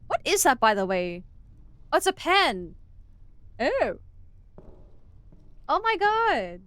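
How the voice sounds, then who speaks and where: A young woman with an Australian accent chats playfully with her stream while she plays, giggling often. Her voice sits fairly high and swings widely in pitch, and she takes her time, drawing words out as she sounds them out. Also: huge pitch swings, slow pace, a bit bright, no room sound. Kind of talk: casual live-stream chat while gaming.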